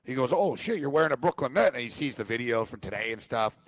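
A man's voice: mid-range voice, expressive, fast talker, no echo. A man co-hosting a sports talk show, telling a long rambling story and acting out a phone call. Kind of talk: casual chat.

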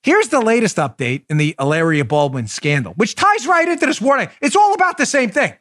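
A man's voice: sits high, wildly swooping pitch, brisk, a bit bright. A man hosting a political commentary podcast, sarcastic and incredulous, firing off rhetorical questions. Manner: sarcastic, mocking asides. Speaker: podcast host.

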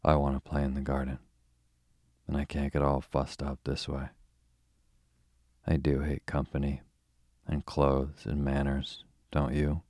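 A man's voice: very deep voice, monotone, a little slow, long pauses, darkish tone, no echo, clean studio sound. A man reading as a cross young girl. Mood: complaining. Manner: complaining, sighing.

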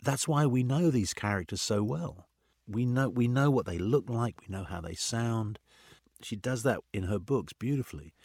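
A middle-aged man, an actor, talking in an interview in an animated, anecdotal way full of "you know" asides. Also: medium pitch, normal speed, breathy edge, no echo, clean studio sound. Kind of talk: conversational interview.

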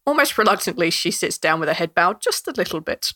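A woman's voice: lowish voice, very animated, fast, sharp tone. A woman narrating as game master in a chatty way, with many fillers and laughs.

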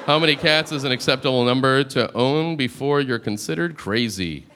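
Deadpan man doing stand-up, noisy room. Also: medium pitch. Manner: deadpan, halting delivery with many uh fillers. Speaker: stand-up comedian. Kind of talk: stand-up comedy set. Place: comedy club stage with audience laughter.

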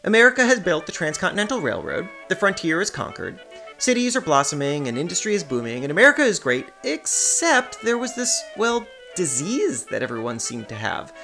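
A woman's voice: fairly low pitch, wildly swooping pitch, brisk, creaky, a bit bright, soft background music. A woman hosting a podcast, narrating a script with wry, playful asides. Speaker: podcast host.

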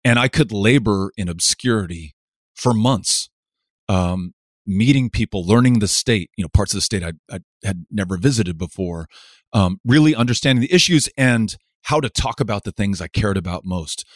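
A middle-aged man from West Texas with a lowish voice, talking in an earnest, reflective way in an interview. He restarts his sentences and builds his points in rhythmic, parallel lists. The sound is close and dry, with no room around it. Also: no echo. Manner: earnest, halting with repeated starts, lists in rhythmic parallel phrases. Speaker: interview guest, politician.

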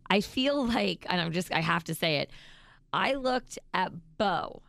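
A woman in her thirties co-hosts a morning radio show, talking in a chatty, emotional way as she reads out listener texts. Her voice has a gravelly, fry-tinged texture. The studio sound is dry and close. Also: lowish voice, expressive, slow pace, fairly bright tone, dry recording. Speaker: radio co-host. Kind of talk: casual morning show chat. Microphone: studio microphone.

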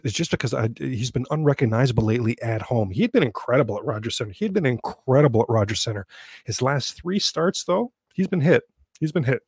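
Excitable man ranting about his team. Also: mid-range voice, dry recording. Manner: animated, exasperated outbursts and self-interrupting restarts. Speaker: sports podcast host. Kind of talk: solo sports talk commentary.

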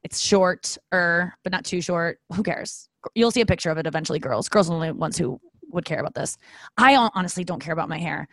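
A woman's voice: lowish voice, fast, a bit bright, dry recording. A young woman talking candidly at home in a rambling, self-deprecating way with joking asides. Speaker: vlogger. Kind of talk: candid casual monologue.

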